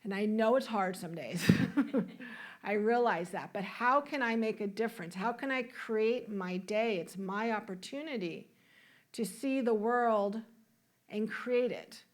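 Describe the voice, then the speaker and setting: A woman's voice: mid-range voice, measured pace. A woman minister giving a conversational sermon in a church, asking the congregation questions and laughing now and then. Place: church sanctuary.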